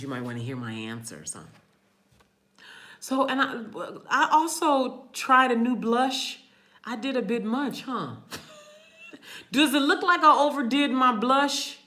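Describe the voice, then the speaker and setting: With a fairly high, pushed, and bright voice in a roomy-sounding space, a woman with New Orleans family hosts a laid-back livestream. She talks with her viewers, reads their comments aloud, and laughs frequently.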